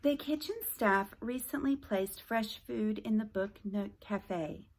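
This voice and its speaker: A woman voicing a soft, motherly female hologram librarian who speaks in a slow, prim, mechanical way. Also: medium pitch. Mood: prim, polite.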